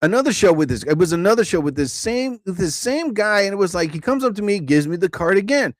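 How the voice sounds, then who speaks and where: A man hosting a live stream, telling rambling stand-up stories casually, laughing often and jumping into higher voices to act out quotes. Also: very animated, fast talker, no echo. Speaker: live show host, comedian.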